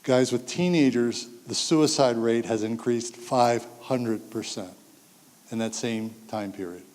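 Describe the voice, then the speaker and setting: Older man, public talk, animated storyteller, acts out quotes, mid-pitched voice, reverberant hall. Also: a little slow. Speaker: speaker giving a talk to parents.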